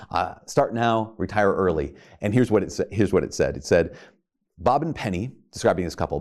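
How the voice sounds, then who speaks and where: A man's voice: on the low side, a little mellow. A man preaching a sermon, earnest, asking his listeners rhetorical questions and often restarting his sentences. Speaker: priest.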